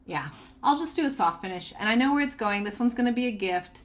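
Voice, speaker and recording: A woman's voice: on the high side, lively intonation, fast. Bubbly chatty woman vlogger. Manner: bubbly, giggly, rambling with restarts. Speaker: cross-stitch vlogger. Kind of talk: casual chatty show-and-tell.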